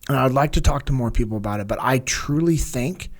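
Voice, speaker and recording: Man, podcast guest, mid-pitched voice, earnest emotional storytelling, rambling. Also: fairly quick.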